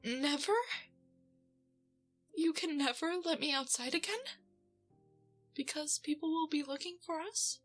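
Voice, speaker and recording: A woman playing a high, bright-voiced frightened captive. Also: unhurried, long pauses, faint music behind. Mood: pleading, placating. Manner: whispery, breathless and stammering. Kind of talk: audio drama role-play.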